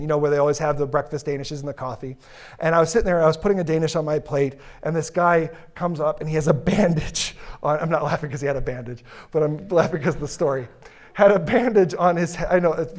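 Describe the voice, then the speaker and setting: A middle-aged man giving a humorous keynote talk, telling stories and acting out the people in them with big swings in his voice. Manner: animated, acts out characters in stories; lively, dramatic pitch swings. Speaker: keynote speaker.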